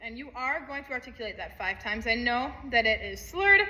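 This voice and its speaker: A woman's voice: fairly high pitch, expressive, fairly quick, pushed and bright, roomy sound, rough recording. A woman teaching a saxophone part, upbeat, counting aloud and singing rhythms. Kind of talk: music lesson walkthrough.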